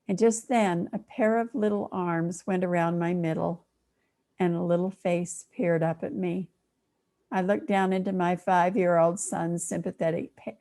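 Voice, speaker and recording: An older woman, a minister, delivering a sermon as an expressive storyteller who pauses for effect. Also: fairly low pitch.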